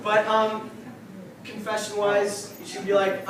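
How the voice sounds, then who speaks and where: A high-voiced teenage man works through a stand-up set on a club stage, chatty and breaking into laughter at his own lines. He is caught from a distance on a mic stand, so the voice bounces around a very echoey room. A steady background noise sits under him. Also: moderate pace. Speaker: stand-up comedian. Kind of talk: stand-up routine.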